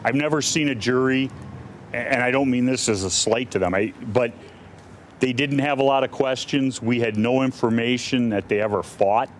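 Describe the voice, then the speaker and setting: A middle-aged male defense attorney with a medium-pitched, steady voice answers reporters' questions bluntly at normal speed during a press conference. He uses many fillers and restarts, and there's slight background noise.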